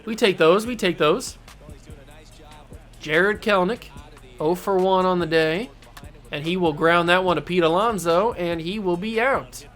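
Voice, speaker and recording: A man hosting a gaming channel, giving excitable play-by-play commentary on his own baseball video game, talking to himself and to the game as he plays. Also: high-pitched, unhurried, pauses often, soft background music.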